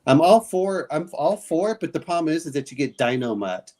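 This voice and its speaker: A man's voice: a little high, big pitch swings, a little fast, warm tone. A man in a casual online chat, cracking dry jokes and stumbling through restarts. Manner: dry joking, stammering restarts.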